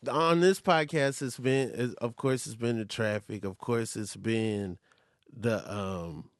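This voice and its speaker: A man hosting a podcast, easygoing and jokey in casual chat, quick with short reactions. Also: on the low side, no room sound, clean studio sound. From moved to Los Angeles from elsewhere. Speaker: podcast host.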